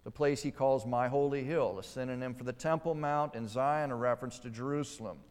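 A man's voice: medium pitch, fairly even intonation, a little fast, a little mellow, clean tone. A man preaching a sermon, stressing key words and putting rhetorical questions to his listeners. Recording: long hall reverb.

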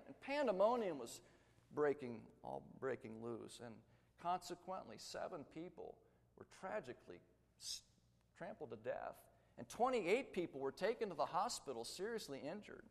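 A man preaches a sermon and tells the story dramatically, building to loud emphatic peaks and then dropping to hushed, quiet lines. His voice sits a little high for a man. It rings out with the long reverb of a large hall. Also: big pitch swings, normal speed, gravelly.

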